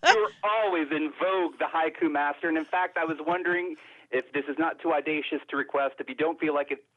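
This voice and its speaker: A man's voice: fairly high pitch, little pitch movement, quick pace, no room sound. A man co-hosting a casual chat, playful and teasing, rambling as he talks. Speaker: co-host. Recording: dull, muffled line.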